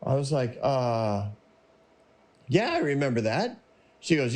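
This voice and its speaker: A man's voice: fairly high pitch, unhurried. Cheerful man telling a story. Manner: cheerful, laughing often, animated quoting. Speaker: podcast host. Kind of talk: casual storytelling.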